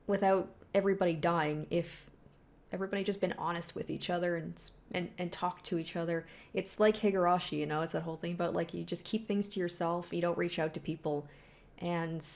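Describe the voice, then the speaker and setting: A woman's voice: fairly low pitch, a little mellow. A young woman hosting a reaction video, chatting casually and gushing about the story. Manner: gushing, chatty, many "like" fillers.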